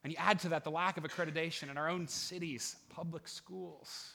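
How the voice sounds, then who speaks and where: A middle-aged man preaching as a pastor, earnest, with many restarts and fillers, getting animated as he goes. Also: on the high side, a little fast, gravelly. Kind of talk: sermon with opening prayer.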